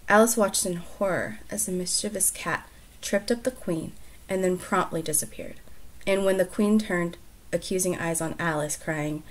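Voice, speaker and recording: Soft-spoken woman reading aloud. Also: mid-range voice, normal speed. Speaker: storyteller. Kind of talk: reading aloud, then casual chat.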